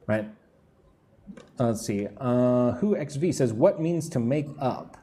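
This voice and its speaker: Man teaching English slowly, says "right?". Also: mid-range voice, animated, dark tone. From lives in Vietnam. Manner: explains slowly, checks in with "right?". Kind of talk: live English lesson. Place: room by outdoor construction noise.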